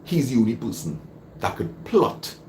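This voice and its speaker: This Trinidad and Tobago man runs a live stream where he answers viewers' comments and hands out laid-back motivational tips, driving points home through repetition. His medium-pitched, slightly mellow voice swings widely in pitch at normal speed, with a little noise behind him.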